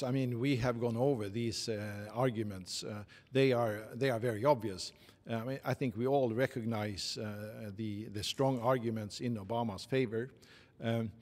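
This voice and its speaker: A man with a Norwegian accent giving formal interview answers in a halting, measured way, with many pauses and fillers. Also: mid-range voice, fairly even intonation, darkish tone. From Norway. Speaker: interviewee, committee secretary. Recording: long reverb.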